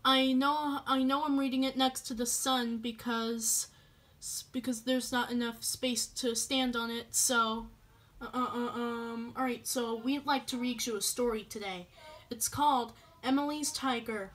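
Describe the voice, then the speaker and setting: A woman's voice: fairly high pitch, steady tone, unhurried. A woman reading a picture book aloud to children, hesitant, with many fillers and restarts. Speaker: storyteller for children. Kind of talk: storybook read-aloud.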